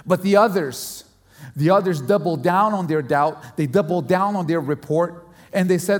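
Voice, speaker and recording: A man preaching a sermon as pastor, telling a story in an animated way and often repeating words as he builds a point. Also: high voice, normal speed, long reverb tail.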